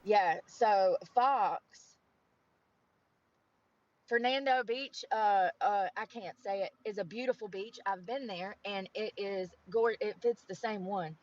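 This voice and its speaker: A young woman from North Carolina with a Southern accent, chatting excitedly and swearing as she films herself outdoors on a phone. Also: mid-range voice, slow pace, lo-fi sound. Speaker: IRL streamer. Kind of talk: casual outdoor vlog chatter. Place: outdoors on a coast.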